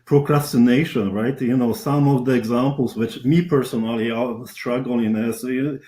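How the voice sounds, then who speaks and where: A male interviewer talks in a halting, searching way, restarting his phrases and laughing easily. His pitch is an ordinary middle range for a man. The sound rings with room echo. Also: steady tone, mellow. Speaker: interviewer, host. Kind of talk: casual interview chat. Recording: echoey room.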